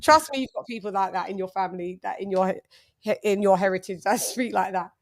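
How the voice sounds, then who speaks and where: A woman's voice: medium pitch, fast talker. Chatty British woman hosting a livestream. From United Kingdom. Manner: chatty, laughing, shouting out viewers. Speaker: boxing livestream host. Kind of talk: casual livestream chat reading viewer comments.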